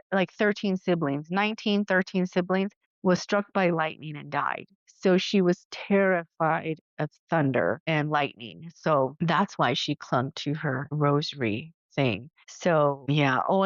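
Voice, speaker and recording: A woman's voice: on the low side, no echo. Chatty woman podcast host, dull dry sound. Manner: chatty, animated, acts out quoted voices. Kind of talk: casual storytelling monologue.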